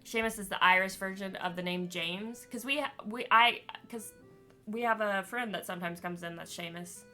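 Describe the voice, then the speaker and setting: A woman's voice: mid-range voice, moderate pace, sharp tone, soft background music. A woman chatting casually and rambling as she streams a story game, laughing often. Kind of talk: casual chat while gaming.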